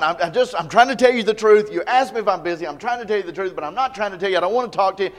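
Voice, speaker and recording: Folksy preacher, fairly high voice. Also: male voice, racing, hardly any pauses. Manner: conversational preaching, folksy humor, rising to loud emphatic peaks. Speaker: pastor. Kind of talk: camp meeting sermon. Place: church meeting before a live congregation.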